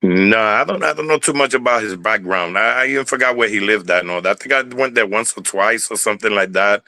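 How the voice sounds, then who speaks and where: Poor audio with no room sound carries a fast, sharp, lowish voice: an older man from the Bronx with a New York Puerto Rican accent. A former dancer, he tells rambling stories in a casual interview, repeating words and swearing openly.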